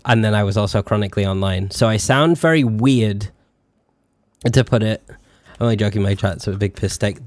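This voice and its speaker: A man's voice: fairly low pitch, normal speed, darkish tone, dry recording, studio quality. Rambling Yorkshire-accented young man. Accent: Yorkshire, with a slight Scottish and posh mix. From northern England. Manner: rambling, sweary, laughs often, many fillers. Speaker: VTuber streamer. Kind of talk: casual live-stream chat.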